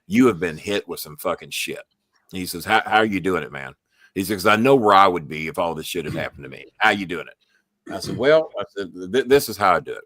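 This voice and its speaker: A man's voice: sits low, a little fast, pushed and bright, no room sound, clean studio sound. A middle-aged man, hosting a casual show and telling blunt stories full of swearing. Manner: blunt, heavy swearing, storytelling. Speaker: show host. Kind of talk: casual live-show chat.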